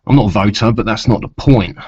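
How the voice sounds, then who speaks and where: A man's voice: lowish voice, a little fast, darkish tone, breathy edge, dry recording. A man chatting casually to camera in a rambling way, with many asides, and swearing when riled. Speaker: vlogger. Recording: dull lo-fi sound.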